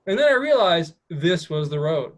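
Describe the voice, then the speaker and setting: A man with a fairly high voice presents a slideshow to a live audience. He talks in a chatty, rambling way and restarts his sentences often. He is recorded in a meeting room. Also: very animated, moderate pace. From United States. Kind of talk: informal slideshow talk.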